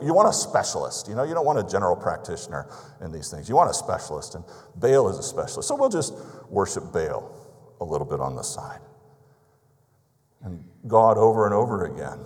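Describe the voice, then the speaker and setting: Male pastor, sermon, storytelling tone, rhetorical questions, fairly low voice, long church reverb. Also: sing-song, brisk, pauses often, a little mellow. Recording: long reverb of a large hall.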